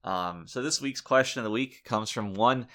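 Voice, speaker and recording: A man's voice: mid-range voice, normal speed, sharp tone. A man co-hosting a comedy podcast, ranting in mock indignation and swearing freely. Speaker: podcast co-host. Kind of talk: comedic in-character podcast chat.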